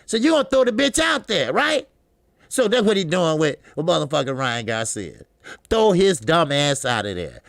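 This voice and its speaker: A man hosting a live boxing talk stream, loud and profane, laughing often and calling out greetings to chatters. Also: fairly high pitch, big pitch swings, normal speed, creaky, dry recording, clean studio sound. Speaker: boxing talk show host.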